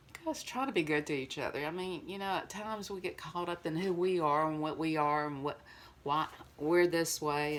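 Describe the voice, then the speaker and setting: Older woman vlogger, lowish voice, rambling and earnest, speaking straight to viewers. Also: a little hiss or hum. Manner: rambling, earnest, full of "you know". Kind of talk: casual heartfelt monologue to viewers.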